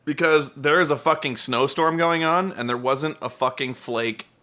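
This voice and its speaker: A man's voice: on the high side, normal speed, pushed and bright. A man giving a profane, exasperated comedic rant while recapping a wrestling show, mimicking wrestlers.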